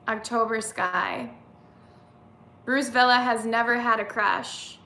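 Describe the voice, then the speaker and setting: A woman's voice: a little high, slow pace, sharp tone, reverberant. A woman in her thirties hosting a casual live-stream chat, reading viewer comments aloud and answering them. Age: 30s.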